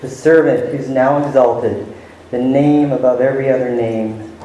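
Male pastor, mid pitch, emphatic verse-by-verse sermon, strong echo. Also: fairly even intonation, a little slow, mellow, a little hiss or hum. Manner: teaching verse by verse, stressing words with rising emphasis. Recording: very echoey room with faint ambience.

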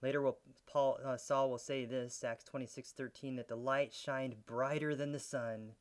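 A man preaching a sermon as a pastor, teaching in an earnest way with soft laughs and growing intensity. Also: medium pitch, fairly even intonation, normal speed.

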